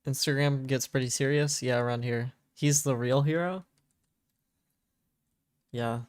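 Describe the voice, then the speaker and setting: A man's voice: mid-range voice, steady tone, unhurried, smooth, no echo. A man streaming a building game, trading dry jokes in casual banter with friends. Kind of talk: casual gaming chat.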